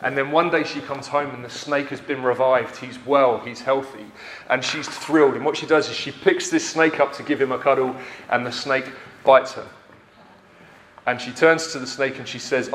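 A man's voice: medium pitch, steady tone, normal speed, fairly bright tone, a little hiss or hum. A man preaching a sermon, earnest and emphatic, repeating phrases for effect. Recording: roomy echo.

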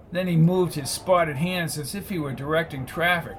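A man's voice: on the high side, moderate pace, hardly any pauses, a bit bright, a little hiss or hum. A man narrating a first-person hard-boiled detective story in a wry, laid-back way.

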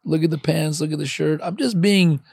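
A man hosting a relaxed interview, his voice gravelly and a little husky, pitched somewhat above most men. He chats along encouragingly and drops a casual curse now and then. The sound is dry, with no room echo. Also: a little fast. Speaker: podcast host.

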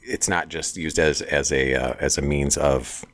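A man with a very low voice talking politics on a casual talk show. He pauses and restarts as he hunts for the right words. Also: fairly even intonation, a bit bright. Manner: halting, searches for words.

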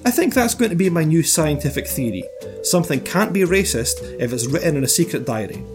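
A man's voice: fairly high pitch, very animated, a little fast, over music. A man playing a smug male scientist writing a defensive letter, in a sarcastic, self-pitying tone of mock complaint.

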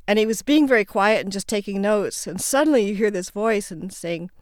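A woman's voice: mid-range voice, fairly quick, dry recording, clean studio sound. A woman talking as a guest, recalling memories thoughtfully with some hesitations. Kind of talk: reminiscing conversation.

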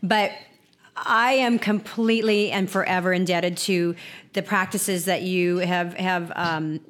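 A middle-aged woman hosting a podcast, talking in an effusive, chatty way and thanking her guest warmly. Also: fairly low pitch, steady tone, unhurried. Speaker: podcast host. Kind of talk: casual interview chat.

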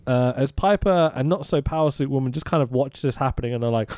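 A man's voice: medium pitch, fast, hardly any pauses, darkish tone, dry recording, clean studio sound. A man co-hosting a casual film review podcast, sweary and sarcastic, often mock-quoting the characters. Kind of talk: casual chat.

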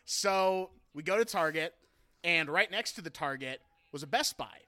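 A young man co-hosting a podcast, telling a story in a casual, animated way, swearing and laughing. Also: on the high side, moderate pace, no room sound. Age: young adult. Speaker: podcast co-host. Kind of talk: casual chat.

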